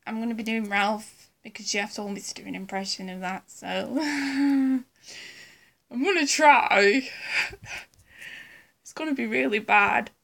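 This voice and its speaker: A woman's voice: fairly high pitch, slow pace, vocal fry, long pauses, fairly bright tone. A woman vlogger chatting casually between impressions, giggly, rambling and self-deprecating, close to a phone or webcam mic. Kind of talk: casual chat.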